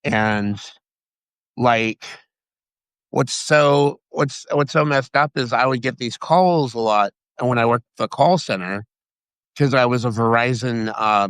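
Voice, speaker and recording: A man guesting on a casual live chat who tells stories in a rambling, excitable rush, doubling back on himself. His voice is smooth and clean. The sound is dry and close. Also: medium pitch, no room sound. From Sacramento, California. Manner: rambling, excitable storyteller with many restarts.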